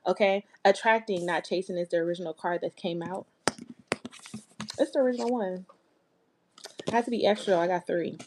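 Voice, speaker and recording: A woman reads tarot cards aloud for her viewers in a loose, chatty way. She talks to them directly and leans hard on the points she wants to land, at a middle pitch. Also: brisk, long pauses, a little mellow. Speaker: tarot reader. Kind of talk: casual tarot reading livestream.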